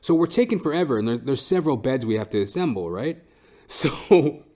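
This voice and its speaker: A man's voice: medium pitch, animated, fast, warm tone. A man hosting a podcast, telling a comic story in a profane, ranting way with frequent "right?". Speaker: podcast host.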